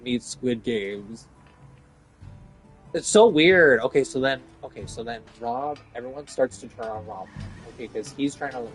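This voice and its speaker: Ranting man, fairly high voice. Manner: profane, exasperated, rambling with many fillers. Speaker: vlogger venting about work. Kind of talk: casual rant.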